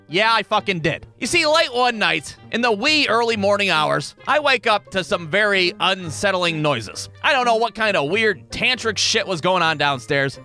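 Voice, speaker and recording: A man narrating a comedic cartoon story in a profane, animated way. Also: high-pitched.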